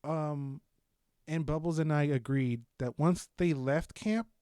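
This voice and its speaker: A young man co-hosting a podcast, chatting casually about shows with lots of swearing and animated storytelling. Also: fairly high pitch, takes it slowly, smooth, dry recording, studio quality. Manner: animated, profane, loud bursts of laughter-filled storytelling. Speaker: podcast co-host. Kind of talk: casual chat, reviewing shows.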